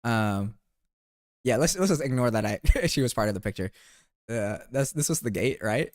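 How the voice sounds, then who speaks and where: Lively young man chatting casually. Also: mid-range voice, moderate pace, dry recording, clean studio sound. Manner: rambling, playful, calls viewers bro. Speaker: streamer recapping a trip. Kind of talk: casual chat over photos.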